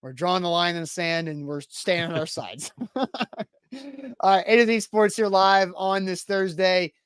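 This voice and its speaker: A man's voice: sits high, steady tone, normal speed, fairly bright tone, clean tone, dry recording, studio quality. A man hosting a live sports podcast, chatting casually and reading sponsor spots. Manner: chatty, reads sponsor ads. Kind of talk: casual live-stream chat.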